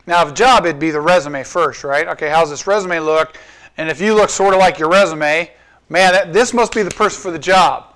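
A pastor preaching a conversational sermon, asking his listeners rhetorical questions and slowing down to stress key points. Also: a little high, a bit bright. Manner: asks the congregation rhetorical questions, slows down for emphasis.

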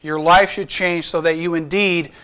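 A man with a notably high-pitched voice teaches church history to a class. He talks in a loose, conversational way, breaking old quotes down into everyday words and asking his listeners questions. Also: fairly even intonation, normal speed, pushed and bright, smooth. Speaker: Bible teacher.

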